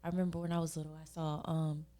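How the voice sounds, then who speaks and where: A young woman from California, a singer being interviewed on a podcast, chatting in a relaxed way and acting out what other people say to her. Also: low voice, fast talker. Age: young adult. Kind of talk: casual interview chat.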